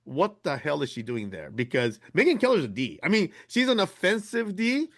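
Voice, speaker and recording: A podcast co-host chats casually, rambling with many fillers and restarts. His voice is a little high and a bit bright, moving at normal speed with huge swings in pitch.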